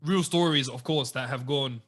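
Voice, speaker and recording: A man's voice: medium pitch, normal speed, fairly bright tone. A young man with an Australian accent, a podcast host in a casual chat, who rambles through stories and laughs often.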